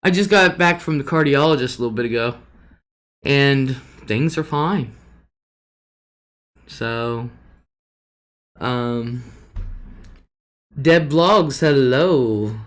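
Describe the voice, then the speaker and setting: A woman talks slowly and easily on her live stream, taking her time between thoughts. She greets viewers by name, reads their comments aloud and swears freely. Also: very deep voice. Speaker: livestream host. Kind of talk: casual live chat, reading viewer comments. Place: at home at her desk.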